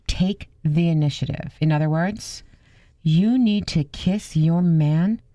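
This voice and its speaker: A woman's voice: sits low, slow, mellow, dry recording. A woman co-hosting a radio show, giving earnest advice with easy laughter. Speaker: radio co-host.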